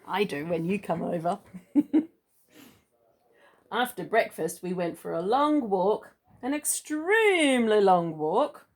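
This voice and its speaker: A woman's voice: mid-range voice, expressive, takes it slowly, pauses often. A woman reading a children's storybook aloud to a child, playful and chatty with asides. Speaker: parent or relative reading to a child.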